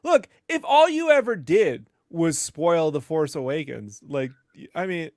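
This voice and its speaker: A man co-hosting a podcast, telling excitable stories with plenty of swearing. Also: a little high, a little slow, dry recording, clean studio sound. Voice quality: profane, excitable storyteller. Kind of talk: animated casual banter.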